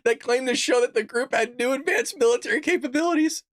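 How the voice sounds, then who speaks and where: A man's voice: very high voice, quick pace, no echo, clean studio sound. A man hosting a casual political commentary show, ranting, swearing and laughing often. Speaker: podcast host.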